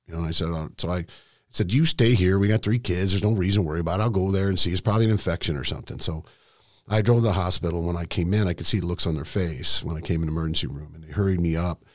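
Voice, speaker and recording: A middle-aged man tells a personal story candidly and emotionally, with halting restarts. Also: low-pitched, no echo, clean studio sound. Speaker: estate planning seminar host, guest.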